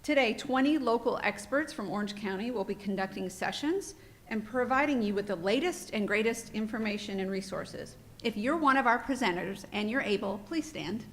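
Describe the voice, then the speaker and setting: Welcoming conference attendees in a hotel meeting room, a woman speaks into a microphone with an animated, mid-range voice at normal speed. Some hiss or hum sits in the background, and she's warm, heartfelt, slightly off-script and emotional.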